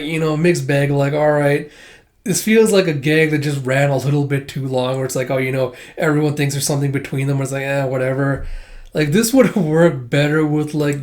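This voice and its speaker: A man's voice: fairly high pitch, a little mellow. A man giving a casual, rambling manga review, full of fillers and the odd swear. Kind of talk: casual commentary.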